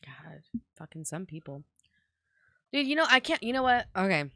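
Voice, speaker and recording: A young woman co-hosting a podcast, talking casually with a blunt, slangy manner and the odd curse. Her voice sits at a middling pitch and is recorded close and dry. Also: sing-song, moderate pace, pushed and bright, dry recording. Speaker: podcast co-host. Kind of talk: casual chat.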